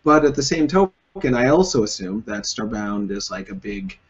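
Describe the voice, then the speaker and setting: A man's voice: fairly low pitch, animated, normal speed, breathy edge, lo-fi sound. A man hosting an interview, asking curious, playful questions in a casual chat. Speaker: podcast host.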